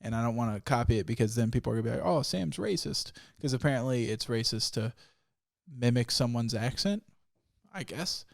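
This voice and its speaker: A man's voice: mid-range voice, brisk. A young man hosting a solo podcast, telling stories in a rambling, profane way and laughing often. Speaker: podcast host. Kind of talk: casual solo podcast rant.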